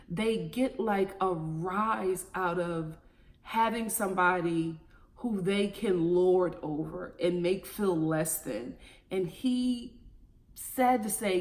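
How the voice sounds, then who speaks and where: Frank, animated woman reviewing reality TV. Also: medium pitch. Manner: animated, frank, talks straight to viewers. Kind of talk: casual commentary.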